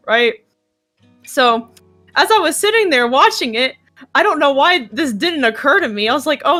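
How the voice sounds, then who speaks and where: Woman, high bright voice, dramatic animated ranting, voice-call audio. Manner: animated, dramatic, laughing through her complaints. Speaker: panel guest. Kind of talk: casual reaction rant.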